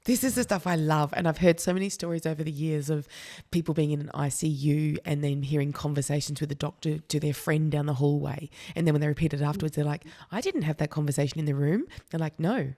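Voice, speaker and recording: A woman's voice: low-pitched, fast talker, warm tone. A woman podcast host asking questions in an attentive, encouraging, conversational way. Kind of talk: casual interview chat.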